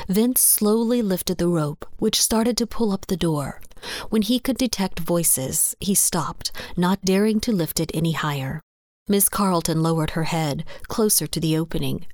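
A woman narrating a western story in a steady, even reading voice. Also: fairly low pitch, no echo, clean studio sound. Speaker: audiobook narrator.

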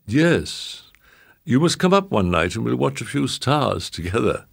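A man voicing an evasive English gentleman host who talks in a flustered, clipped rush. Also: mid-range voice, sing-song, measured pace, creaky, breathy edge, voice pushed up, exaggerated voice. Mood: eager.

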